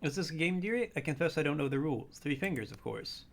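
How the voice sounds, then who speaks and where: A man voicing a sweet-voiced, evasive woman librarian in a video game, talking softly and primly. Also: a little high, animated, quick pace, vocal fry. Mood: sweetly evasive. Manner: soft, prim, sugary and guarded.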